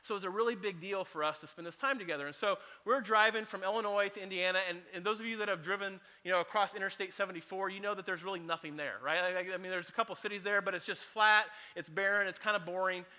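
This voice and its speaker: A man in his forties, a pastor delivering a sermon and telling a funny story in an animated way. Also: high voice, fast, few pauses, long reverb tail. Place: church auditorium.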